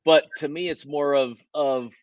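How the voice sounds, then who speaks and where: A man, a racing driver, telling stories in a casual interview, talking in an animated way with lots of restarts and self-corrections. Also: on the high side, unhurried, no room sound, muffled recording.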